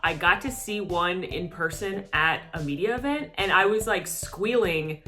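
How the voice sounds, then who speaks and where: A woman's voice: on the low side, unhurried, pushed and bright, soft background music. A woman speaking as a panelist in a casual chat, enthusiastic and gushing.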